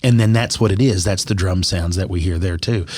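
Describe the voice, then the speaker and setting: A man's voice: low-pitched, brisk, a little mellow, slightly rough. A man co-hosting a podcast, telling a strange story in casual chat and acting out the quoted lines with animation. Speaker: podcast co-host.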